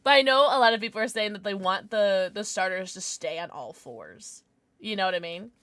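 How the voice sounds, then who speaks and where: A woman streaming a game live, chatting with her viewers in an excitable, gushing way with frequent squeals. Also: medium pitch, fairly quick, no room sound.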